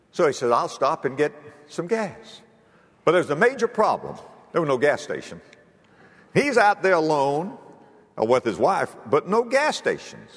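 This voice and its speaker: A man preaching a sermon, telling stories and acting out the voices, swinging between loud and hushed. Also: mid-range voice. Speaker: pastor. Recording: hall reverb.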